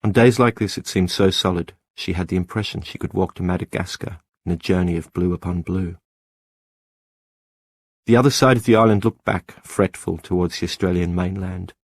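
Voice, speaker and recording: A very low male voice narrates a scripted audiobook in a measured, lyrical manner. The recording is dry and close, with no room sound or echo.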